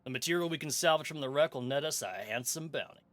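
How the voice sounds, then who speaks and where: A man voicing a brash raider crew captain who gives a loud, upbeat mission briefing with bits of pirate slang, read from game dialogue on a stream. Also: fairly high pitch, quick pace, a little hiss or hum, lightly acted. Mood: commanding.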